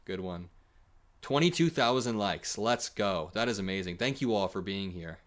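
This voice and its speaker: A man hosting a livestream, reacting to clips and posts in an energetic, joking way and laughing often. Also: fairly low pitch, normal speed. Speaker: political commentary streamer.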